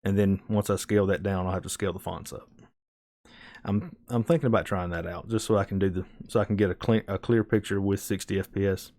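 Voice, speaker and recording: Low-voiced man with a Southern American drawl. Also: fairly even intonation, fast talker, darkish tone. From Southern United States. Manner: rambling, restarts words often. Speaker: live streamer. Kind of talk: casual chat with viewers.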